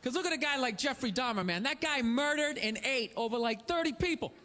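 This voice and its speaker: A man doing a stand-up comedy set on stage, ranting loudly and mocking, on a handheld mic. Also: very high voice, lively intonation, a little fast, big-room sound. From United States. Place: comedy stage before a live audience. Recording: live club recording with crowd laughter. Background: audience laughter.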